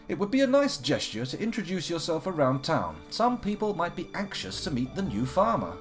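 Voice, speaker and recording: A man's voice: fairly high pitch, a bit bright. A man from the United Kingdom giving casual gameplay commentary as a streamer, wry and self-mocking, with frequent fillers. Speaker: game streamer.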